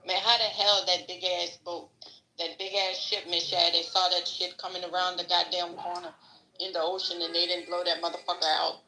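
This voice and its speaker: A woman's voice: lowish voice, level tone, normal speed, pushed and bright, echoey room, poor audio. A woman imitating her grandfather, a profane, folksy old man with a Louisiana accent. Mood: indignant.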